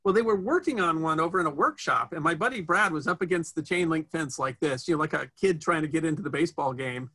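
A man's voice: on the high side, fast, few pauses, sharp tone, breathy edge. A man, a guest in an interview, telling history stories in a rambling chat full of restarts and fillers. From United States.

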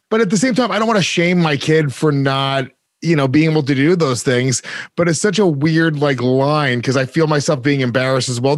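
A man in his thirties chatting as a podcast co-host, frank and halting, laughing easily. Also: a little high, no room sound, clean studio sound. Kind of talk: casual chat.

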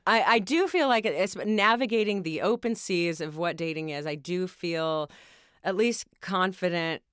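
A woman's voice: fairly low pitch, normal speed, fairly bright tone, clean tone, no room sound. A woman in her thirties speaking as a podcast guest in a recording studio, talking frankly and self-deprecatingly, with frequent swearing. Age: 30s. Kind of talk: candid conversational interview.

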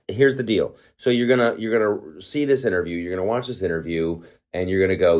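Middle aged guy going off on his comedy podcast, kinda low voice, cussing a lot, real worked up. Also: fairly quick, loud music behind the voice. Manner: heated, profane, worked-up ranting. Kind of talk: profane comedic rant.

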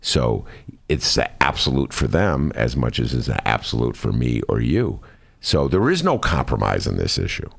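A male host's voice sits at the very bottom of the range, with a gravelly fry and lively swings in pitch. He presses his guests with probing questions, stalling on frequent fillers. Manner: probing, plays devil's advocate; halting, many uh fillers. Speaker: radio interview host. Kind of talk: political interview.

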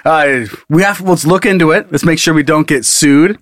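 A man co-hosts a loose comedy podcast, trading jokes and cursing freely. His voice sits a little high for a man and comes across close and dry, with no room sound. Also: normal speed, fairly bright tone, no room sound. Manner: jokey, profane, laughs often. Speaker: podcast co-host. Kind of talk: casual comedic chat.

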